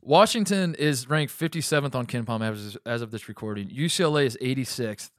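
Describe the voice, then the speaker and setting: A man's voice: mid-range voice, animated, fairly quick, no echo, clean studio sound. A young adult man co-hosting a sports podcast, chatty, with frequent restarts. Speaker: podcast co-host. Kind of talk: casual sports chat.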